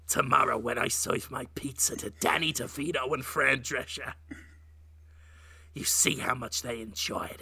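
A man doing a gravelly boastful pizza chef. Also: mid-range voice, bright, forceful tone, voice pushed down, exaggerated voice. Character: gruff boastful male pizza chef, secretive.

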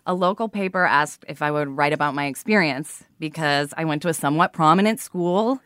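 A woman's voice: low voice, a little fast, a bit bright, smooth, no room sound, clean studio sound. Earnest, self-deprecating woman podcast host. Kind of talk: candid personal chat.

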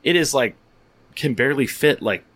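A man's voice: medium pitch, expressive, moderate pace, fairly bright tone. A man hosting a podcast, telling rambling stories in casual chat, full of restarts and freely swearing. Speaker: podcast host.

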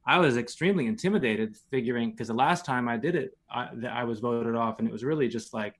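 A man's voice: medium pitch, fast talker. A man in his forties, a guest on a podcast, telling stories in a rambling, laid-back way with lots of "you know" and some casual swearing. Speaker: podcast guest, reality competition champion.

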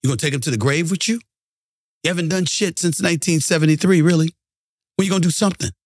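A middle-aged man hosting a sports commentary show, ranting heatedly and swinging from low grumbling to high shouting. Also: fast, dry recording, studio quality. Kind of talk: animated sports rant.

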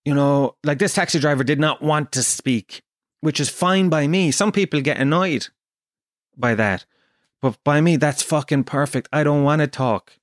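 An Irish man hosting a podcast, telling animated comic stories with plenty of swearing. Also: on the high side, normal speed, dry recording, clean studio sound. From Ireland. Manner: animated storytelling, swears a lot, acts out quotes. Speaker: podcast host. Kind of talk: casual comedic monologue.

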